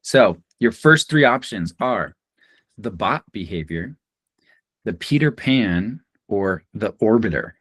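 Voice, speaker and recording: A man hosting a casual panel chat over a video call, briskly moving the group through the list. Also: on the low side, lively intonation, a bit bright, breathy edge, no room sound. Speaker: podcast host.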